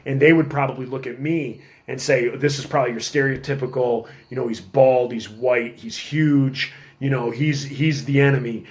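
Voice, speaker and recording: A middle-aged man telling stories in a casual podcast chat, working as a police officer, animated and acting out quotes. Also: medium pitch, moderate pace, hardly any pauses. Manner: animated storyteller, acts out quotes in a raised voice.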